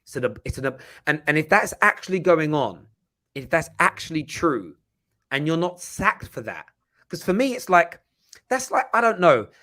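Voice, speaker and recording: A man hosts a casual livestream chat, talking in quick restarts and repeated words. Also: a little high. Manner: animated, stammering restarts. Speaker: host.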